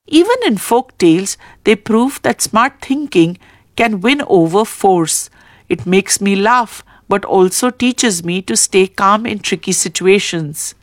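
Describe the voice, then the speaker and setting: A woman, reading a textbook lesson aloud in a measured, instructive way. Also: mid-range voice, dry recording, clean studio sound. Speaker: English teacher.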